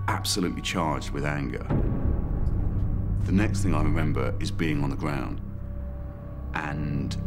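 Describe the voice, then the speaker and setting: A man recounting an assault in documentary testimony, measured and reflective with halting pauses. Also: extremely low pitch. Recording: music bed under the voice.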